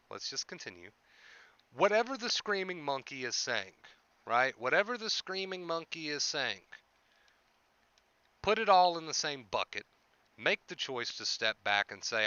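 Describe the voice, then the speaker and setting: Earnest male anxiety coach, bright dry voice. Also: on the high side, clean tone, no echo, dull audio. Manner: earnest, repetitive, reassuring. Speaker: anxiety coach streaming live. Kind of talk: live-stream coaching talk.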